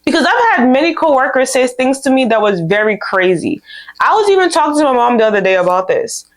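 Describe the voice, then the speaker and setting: A woman's voice: sits high, fast talker. Candid young woman giving life advice. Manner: candid, animated storytelling with quoted dialogue. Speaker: vlog host. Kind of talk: casual advice talk to camera.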